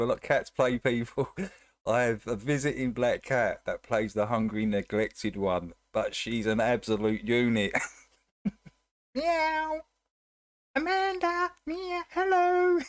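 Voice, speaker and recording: A man's voice: medium pitch, steady tone, normal speed, dry recording. A man with an Essex accent chatting casually and joking as a livestream host. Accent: Essex English. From England. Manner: laughing, joking commentary. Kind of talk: casual live chat.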